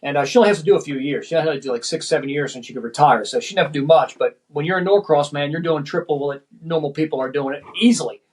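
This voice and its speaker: A man's voice: fairly high pitch, racing, few pauses, a little mellow, low-quality recording. A middle-aged man, a former firefighter lieutenant, tells a personal story as a podcast guest in a rambling, profane way, often tagging sentences with "man".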